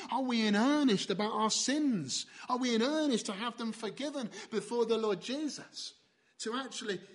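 A man preaching a sermon, earnest and full of questions to his listeners, moving between emphatic and hushed passages. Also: sits high. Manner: earnest, asks the hearers questions, swings between loud and soft.

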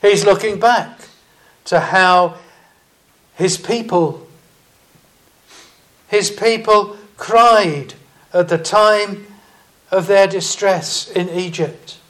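Male preacher, high voice, slow measured delivery, sermon reading scripture. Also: a bit bright. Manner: slow, deliberate preaching with emphatic rises.

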